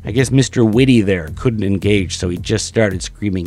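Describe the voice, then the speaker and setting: A man rants in a lowish voice, sneering and swearing, stopping often on fillers. Faint music plays behind him. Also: a little mellow. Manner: profane, sneering, halting with fillers. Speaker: commentary video host. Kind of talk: ranting commentary.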